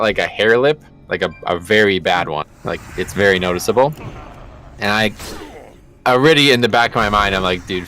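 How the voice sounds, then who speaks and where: A livestreaming gamer with a fairly low, pushed and bright voice chats casually while he plays. He rambles through a story, swearing often and leaning heavily on fillers.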